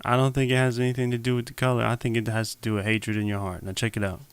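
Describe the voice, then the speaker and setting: A man's voice: mid-range voice, little pitch movement, racing, clear, resonant tone, dry recording. A young man giving loose, slangy reaction commentary on a live stream, talking straight to viewers into a desk mic.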